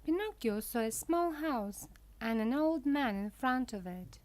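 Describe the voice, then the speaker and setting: A woman narrating a children's storybook for language learners in a careful, deliberate way. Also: fairly high pitch, expressive, a little mellow, no room sound.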